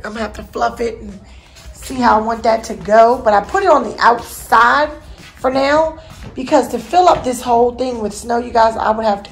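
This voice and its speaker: Chatty middle-aged woman vlogger. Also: a little high. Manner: chatty, folksy, encouraging. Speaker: vlog host. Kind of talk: casual chat to viewers. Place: home.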